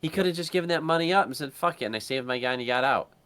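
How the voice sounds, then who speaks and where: A man's voice: mid-range voice, lively intonation, very fast, fairly bright tone, clean tone. A man co-hosting a podcast who chats casually about a film and swears freely. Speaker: podcast co-host. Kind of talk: casual movie discussion.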